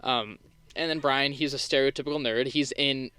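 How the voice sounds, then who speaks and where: A man's voice: medium pitch, normal speed, clear, resonant tone, no room sound. A young man co-hosting a podcast, chatting casually about a film with lots of fillers. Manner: relaxed, chatty, many fillers. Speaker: podcast co-host.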